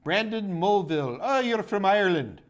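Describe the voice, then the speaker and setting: A man's voice: high voice, animated, moderate pace. A middle-aged man hosting a live Q&A stream, rambling and chatty with lots of fillers and sudden bursts of enthusiasm. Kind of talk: casual live-stream Q&A chat.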